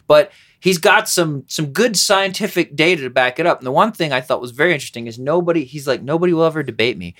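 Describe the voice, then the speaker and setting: A man hosting a podcast, chatting casually in a rambling, animated way and swearing freely. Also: fairly high pitch, fast, few pauses. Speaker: podcast host. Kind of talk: casual chat.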